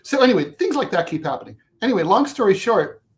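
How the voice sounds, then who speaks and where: A man co-hosting a talk show, telling a long personal story in casual chat, animated and swearing, with many restarts and asides. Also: high-pitched, fast talker. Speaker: co-host.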